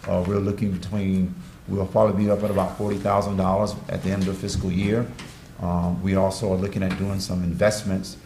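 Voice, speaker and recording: A man, the city manager, presenting a budget at a city meeting in a measured, hesitant way with many fillers. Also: sits low, little pitch movement, warm tone. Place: city commission chamber. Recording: echoey council chamber, faint noise.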